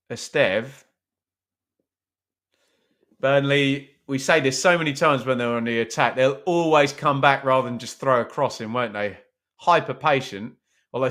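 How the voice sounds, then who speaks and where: A man's voice: mid-range voice, a bit bright. A man hosting a live football watch-along, chatting casually, joking about himself and answering viewers' comments. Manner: chatty, self-mocking, reads chat aloud.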